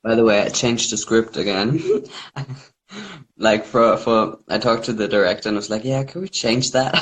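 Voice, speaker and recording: A man's voice: lowish voice, fairly even intonation, unhurried, long pauses, fairly bright tone. A young man chatting casually as a livestream guest, laughing and self-mocking. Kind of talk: casual chat. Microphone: phone.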